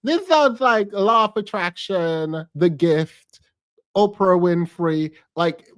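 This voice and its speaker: A man's voice: high voice, takes it slowly. A man giving casual, sassy reaction commentary on a clip. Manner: sassy, chatty, calls the speaker "girl".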